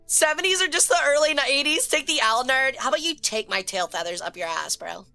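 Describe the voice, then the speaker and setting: A woman streaming a game with a high, bright voice, talking casually to her viewers. She is excitable and swears freely when a guess goes wrong. Faint music plays under her talk. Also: fairly quick, creaky.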